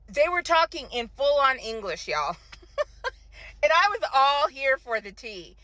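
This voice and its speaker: Woman, bright, dramatic casual storytelling. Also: on the high side. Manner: animated, dramatic retelling with sudden loud quoted lines.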